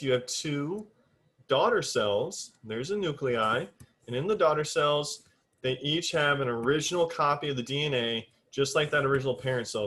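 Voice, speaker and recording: At medium pitch and with a fairly bright tone, a male biology teacher delivers a recorded classroom lecture while working on the board. He speaks to students directly and informally, sets strict rules about precise terms, and counts out loud as he draws.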